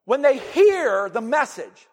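A man preaches a sermon with a high-pitched voice, rising to loud, emphatic peaks and then dropping into quiet asides. His words ring out with a long reverb, as in a large hall. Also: sing-song, slow pace. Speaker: pastor.

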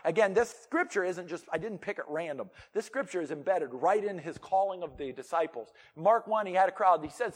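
A man's voice: sits high, animated, a little fast, hardly any pauses. Preaching man in a reverberant hall. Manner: swings between loud preaching and quiet asides. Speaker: pastor. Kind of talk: sermon.

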